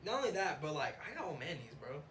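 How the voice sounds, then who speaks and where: A young man co-hosting a casual podcast, telling a story with excitement and calling his friend bro. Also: on the high side, fast. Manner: excitable, animated storytelling, says bro often. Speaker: podcast co-host. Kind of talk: casual chat. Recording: roomy, distant, faint noise.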